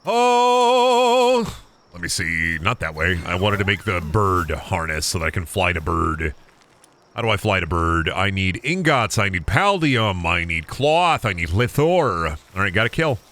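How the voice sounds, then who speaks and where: Male streamer, lowish voice, very animated pitch; rambling, self-mocking play-by-play with goofy sing-song asides. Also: moderate pace. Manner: rambling, jokey, mutters to himself; breaks into silly high sing-song bits. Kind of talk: casual gameplay commentary.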